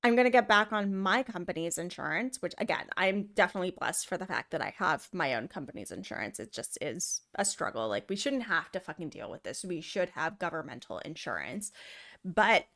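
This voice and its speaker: A young woman streamer chatting casually over gameplay, with a high, girly, valley-girl way of talking and a lot of giggling. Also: very animated, a little fast, bright, forceful tone.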